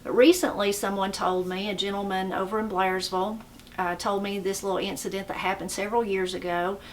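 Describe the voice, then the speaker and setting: A woman's voice: mid-range voice, a little fast, a little hiss or hum. A middle-aged woman from the mountains of western North Carolina with an Appalachian accent, telling stories in a folksy, rambling way. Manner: folksy, rambling, animated when quoting. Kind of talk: casual storytelling.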